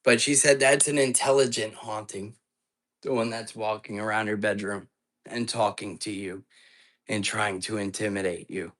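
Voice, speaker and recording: A man's voice: fairly low pitch, steady tone, moderate pace, a bit bright, poor audio. A man hosting a live ghost-hunting stream, telling a story in a casual, earnest and anxious way, with many restarts as he rambles. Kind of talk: casual storytelling retelling a phone call.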